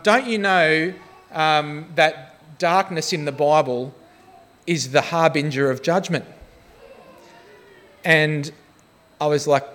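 A pastor preaching a sermon has a slightly higher voice than most men, a bit bright. He tells humorous, self-deprecating stories, then shifts to earnest appeals to his listeners.

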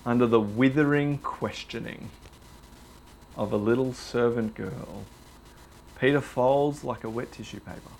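A young man preaching a sermon, telling the story with animated, dramatized delivery. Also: medium pitch, unhurried, vocal fry, long pauses, slight background noise.

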